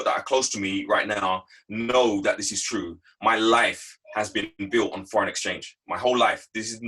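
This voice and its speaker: A lowish, sharp, slightly rough male voice carries this motivational talk on a video call. The English guest speaker recounts his working life through emphatic, repetitive stories, and the recording quality is low.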